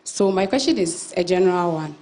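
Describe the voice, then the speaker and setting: A young woman, asking a question from the audience in a measured, careful way. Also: on the low side, expressive, a little mellow.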